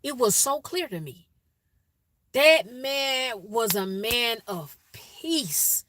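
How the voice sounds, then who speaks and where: A woman from Chicago telling a personal story and urging listeners toward peace, in an animated, emphatic way with strings of repeated questions. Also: a little high, very slow, slight background noise. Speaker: inspirational speaker.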